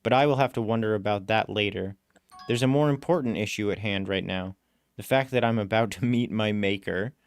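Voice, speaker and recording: A man narrating a first-person story aloud in a steady, matter-of-fact way. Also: on the low side, a little fast, smooth. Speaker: story reader.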